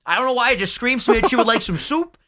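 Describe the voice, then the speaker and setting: A young man co-hosting a podcast in casual chat, excitable and swearing often, breaking into high laughs. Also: very fast. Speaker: podcast co-host.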